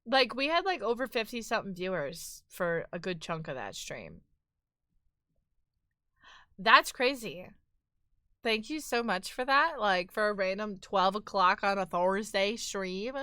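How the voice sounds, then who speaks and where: Bright, playful woman streamer. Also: medium pitch, sing-song, unhurried, clear, resonant tone, dry recording, studio quality. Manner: playful, teasing, mock-dramatic. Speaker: livestream host. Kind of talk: casual chat with viewers.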